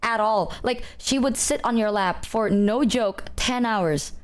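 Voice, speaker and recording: A woman's voice: fairly high pitch, a little slow, smooth. A young woman streamer chatting casually, telling rambling stories full of "like" and "bro". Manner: rambling, animated storytelling with lots of "like" and "bro". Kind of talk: casual chat.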